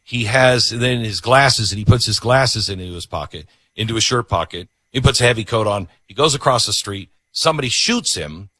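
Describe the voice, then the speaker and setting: Husky male host, dry close sound. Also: on the low side, moderate pace, hardly any pauses, no room sound. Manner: animated storytelling. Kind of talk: casual interview chat.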